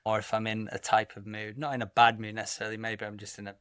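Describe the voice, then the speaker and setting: A man co-hosting a podcast in casual chat, laid-back, who swings between talking quietly and loudly. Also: fairly low pitch, monotone, fast, clean tone, no room sound, clean studio sound. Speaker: podcast co-host.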